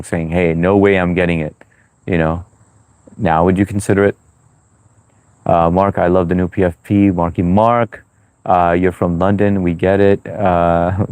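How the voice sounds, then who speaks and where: A man's voice: low voice, darkish tone, no room sound. A man hosting a livestream in a loose, chatty way, reading viewer comments aloud with lots of "uh" and "you know". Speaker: livestream host.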